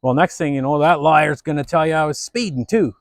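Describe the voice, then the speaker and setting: A man's voice: a little high, fairly quick, creaky, no room sound, clean studio sound, voice pushed up. A man doing a sly driver playing innocent. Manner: feigned innocence, hesitant. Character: sly male driver caught speeding.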